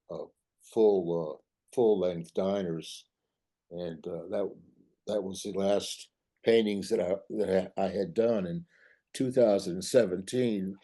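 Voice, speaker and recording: An older man giving a talk, reminiscing in a halting way full of restarts. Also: deep voice, creaky, warm tone. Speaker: artist giving a club talk.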